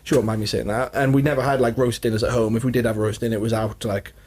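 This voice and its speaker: A man's voice: medium pitch, steady tone, rapid-fire, a little mellow, a little hiss or hum. A young man co-hosting a casual podcast, telling family stories and laughing often. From Wales. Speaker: podcast co-host. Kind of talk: casual chat.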